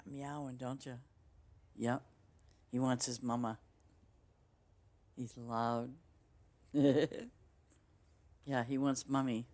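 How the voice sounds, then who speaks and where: A woman's voice: extremely low pitch, steady tone, slow pace, long pauses, warm tone. A woman game streamer chatting casually with her viewers as she signs off, rambling with lots of fillers and restarts. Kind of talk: casual stream sign-off chat.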